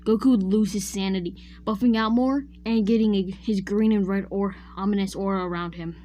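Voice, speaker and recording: A woman's voice: medium pitch, steady tone, a little fast, dark tone. A woman spins a fan-made what-if story in a loose, chatty way, talking straight to her viewers. She often stops to correct herself mid-sentence. A faint hum sits under her voice. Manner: chatty, addresses viewers directly.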